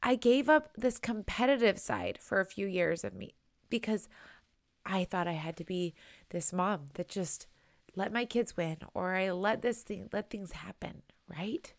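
A woman's voice: mid-range voice, unhurried, no room sound, studio quality. A young adult woman hosting her own podcast, talking earnestly and chattily, often tagging "right?" onto her thoughts. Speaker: podcast host. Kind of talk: personal podcast monologue.

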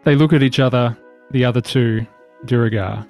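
A man running a tabletop game as game master, describing scenes in measured, detailed narration. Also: mid-range voice, darkish tone, faint music behind.

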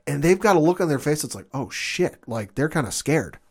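A man co-hosting a casual podcast chat, retelling a TV episode with lively acted-out lines. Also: on the high side. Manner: animated, acts out characters' lines in quick voices. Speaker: podcast co-host.

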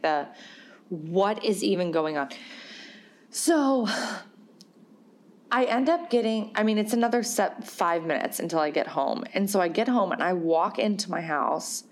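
A woman spins a personal story in a loose, chatty way. Her pitch swings widely as she talks, and she laughs easily between her filler words. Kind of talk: casual storytelling.

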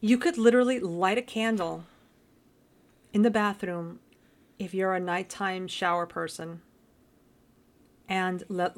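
A woman co-hosting a casual chat, telling a story in a relaxed, soft-spoken way. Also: on the low side, creaky.

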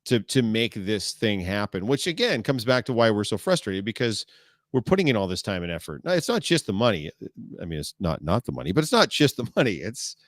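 A man hosting a podcast in casual chat, expressive and swearing as he acts out his own reactions. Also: fairly low pitch, fairly quick, no echo. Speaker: podcast host.

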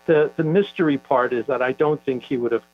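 An older man talks through a story in a thoughtful, halting way, pausing on fillers as he goes. The recording is dull and lo-fi, with a low mains hum underneath. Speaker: author being interviewed. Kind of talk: conversational interview.

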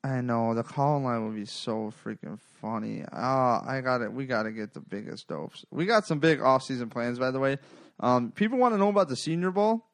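A man hosts a casual sports podcast, rambling and cursing freely as he tells his stories. His voice sits at a middling pitch and sounds dry and close to the mic. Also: brisk, no echo. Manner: rambling, profane, animated storytelling. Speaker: podcast host.

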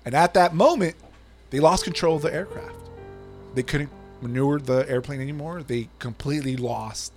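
Podcast guy telling the story, kinda high voice, swears a ton, faint music under it. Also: moderate pace. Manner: profane, animated retelling with acted-out quotes. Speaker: podcast co-host. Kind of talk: casual storytelling chat.

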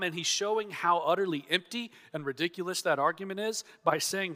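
Guy preaching a sermon, bright ringing voice, big echoey church hall. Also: high-pitched, quick pace, hardly any pauses. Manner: earnest, emphatic, acts out quoted objections. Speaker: pastor. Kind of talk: expository sermon. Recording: long reverb of a church hall.

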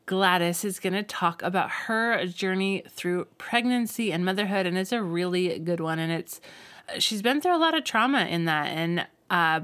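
A young woman hosting a faith podcast, chatting in a gushing, enthusiastic way into a close mic. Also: fairly low pitch. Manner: gushing, enthusiastic, warm-hearted. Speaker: podcast host.

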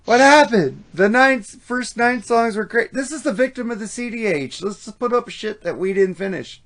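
A man's voice: sits high, expressive, moderate pace, fairly bright tone. A man co-hosting a casual album review podcast, blunt and profane, laughing often. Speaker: podcast co-host.

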